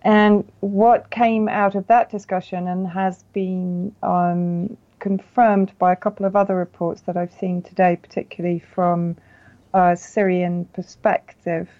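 Woman, interview guest, low flat voice, hesitant fillers, dull lo-fi sound. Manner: measured, hesitant with many fillers. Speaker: guest journalist. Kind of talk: phone-in interview. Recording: muffled lo-fi line.

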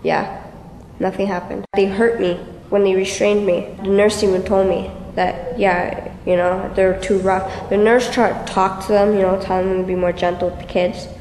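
A woman's voice: mid-range voice, flat delivery, moderate pace, a little mellow. A woman being interviewed for a documentary, speaking bluntly and matter-of-factly. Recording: echoey room with faint noise.

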